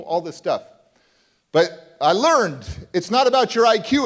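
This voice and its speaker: A middle-aged man giving a motivational keynote at a youth summit, telling his life story in a lively way and acting out his younger self. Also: high voice, moderate pace. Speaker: motivational speaker. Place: conference stage before a live audience.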